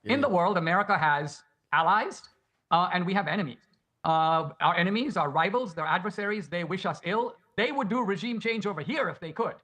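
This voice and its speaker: A man's voice: high voice, lively intonation, a little fast, pushed and bright. A man arguing in a debate, lecturing and asking rhetorical questions. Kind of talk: debate argument.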